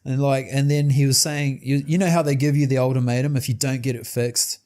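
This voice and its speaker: Profane, animated guy telling stories. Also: mid-range voice, brisk. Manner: profane, animated storytelling, acts out quotes. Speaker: podcast co-host. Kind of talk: casual chat.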